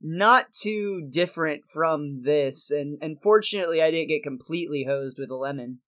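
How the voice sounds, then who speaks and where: A man chatting casually as a podcast co-host, telling the story of an episode in a loose, joking way. He laughs often between lines and keeps a relaxed, everyday tone. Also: on the high side, moderate pace. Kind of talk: casual chat recapping a cartoon episode.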